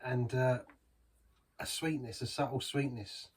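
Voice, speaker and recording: A man's voice: mid-range voice, steady tone, measured pace, slightly rough, far from the mic. A man reviewing a beer in a chatty, rambling way, savouring each sip. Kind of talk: casual beer review vlog.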